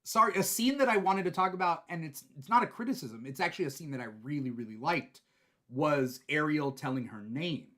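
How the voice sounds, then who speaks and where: A man's voice: a little high, animated, fairly quick, a bit bright. An easygoing man hosting a casual podcast chat. He talks in a hesitant, self-deprecating way. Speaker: podcast host.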